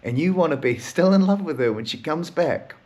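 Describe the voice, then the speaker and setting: A man's voice: fairly high pitch, animated, brisk, darkish tone, voice pushed up, natural voice. A man voicing his inner female queen figure, blunt, teasing and swearing, in an everyday voice close to his own. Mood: probing.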